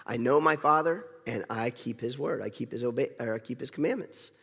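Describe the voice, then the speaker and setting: A man preaching a sermon in a conversational, animated way, retelling the scripture with laughs. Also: mid-range voice, fairly quick, vocal fry, slightly rough, long reverb tail.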